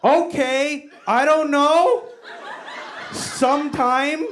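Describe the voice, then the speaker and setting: A woman comedian voicing her stubborn immigrant mother, who speaks slow, clipped, broken English with a Vietnamese accent. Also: sits high, a little hiss or hum, voice pushed up. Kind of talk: stand-up act-out.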